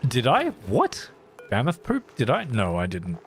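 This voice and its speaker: A man's voice: mid-range voice, huge pitch swings, a little slow, soft background music. A man casually live-streaming a game, thinking aloud as he builds and chatting playfully with his viewers.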